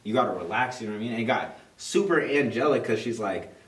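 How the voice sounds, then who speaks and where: A man's voice: on the low side, lively intonation, fast, distant mic. Young male podcast co-host, loose rambling chat, echoey room, sitting back from the mic. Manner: loose, rambling, heavy on "like" and "you know". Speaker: podcast co-host, new father. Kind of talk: casual chat. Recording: roomy, from off the mic.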